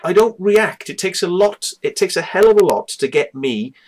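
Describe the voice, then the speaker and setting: A man's voice: high-pitched, expressive, normal speed, darkish tone. A man telling a personal story to camera, heated and sweary, who keeps checking in with "right?" and "yeah?". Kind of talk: angry personal account to camera.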